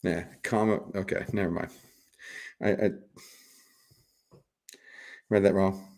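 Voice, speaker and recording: Deep gravelly man chatting with his stream. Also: steady tone, slow, darkish tone. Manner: rambling, teasing, chuckles often, repeats words. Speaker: livestream host reading chat. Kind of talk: casual chat.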